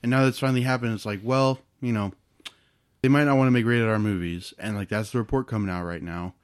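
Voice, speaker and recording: Man, young adult, low-ish voice, sarcastic, joking, casual movie chat. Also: steady tone, fast talker, smooth. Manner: sarcastic, joking, laughs while talking. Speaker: podcast co-host.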